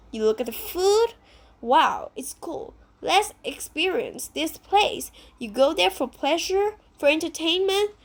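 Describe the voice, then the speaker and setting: A woman with a Vietnamese accent leads a vocabulary lesson for children. She speaks slowly in a high voice, repeating each new word and checking with simple questions. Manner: slow, repeats words, asks simple questions. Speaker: English teacher.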